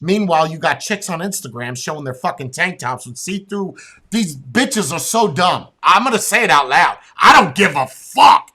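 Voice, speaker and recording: Blunt, profane man ranting with a lively voice. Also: a little high, moderate pace. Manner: profane, blunt, animated storytelling. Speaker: podcast host. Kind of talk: casual podcast rant.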